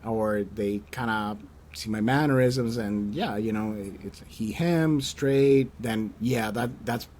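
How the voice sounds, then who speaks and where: Interviewing a creator on his casual podcast, this host spins energetic stories with the occasional candid swear word, raising his voice to play the people he's quoting. He talks slowly in a lowish voice, with a little background noise.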